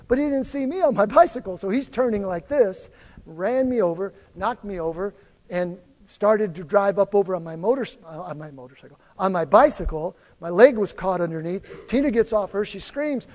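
A man's voice: high-pitched, long reverb tail. A male pastor preaching a sermon, telling personal stories and acting out the voices of people in them. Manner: animated storytelling preacher, acting out quoted voices.

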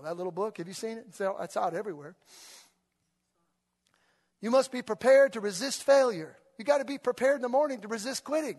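A man preaching an animated sermon, exhorting and calling his congregation to read along. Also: high voice. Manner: animated, rising to loud exhortation, call-and-response with congregation. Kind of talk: energetic sermon. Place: church sanctuary. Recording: long reverb of a large hall.

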